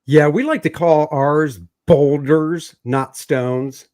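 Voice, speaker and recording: A man hosting a casual livestream, joking and pitching his comic bundle in an upbeat way. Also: steady tone, takes it slowly, darkish tone. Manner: joking, upbeat, lists items and plugs channels. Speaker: comic artist and show host.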